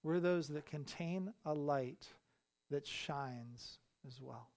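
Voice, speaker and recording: A male pastor delivering a sermon in a church, building to loud, emphatic repeated phrases. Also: on the high side, slow. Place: church sanctuary.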